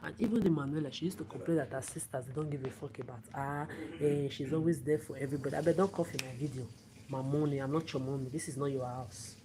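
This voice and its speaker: A woman rants angrily on a livestream, swearing and repeating herself. Her voice sits low. A steady background noise is clearly heard under her. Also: quick pace. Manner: profane, repetitive, confrontational. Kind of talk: angry livestream rant.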